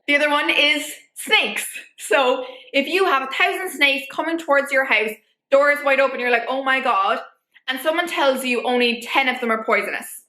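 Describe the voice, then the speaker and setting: A young woman vlogger making her case in an animated, rhetorical way, with many fillers. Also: high voice, moderate pace. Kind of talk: opinion vlog. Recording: echoey room.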